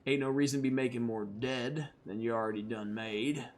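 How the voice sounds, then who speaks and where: A laid-back, dangerous space cowboy, as a man puts him on for a tabletop game. He drawls slow and low, calm on the surface with a quiet threat under every word. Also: natural voice. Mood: cool threatening. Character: cool, drawling space cowboy bounty hunter.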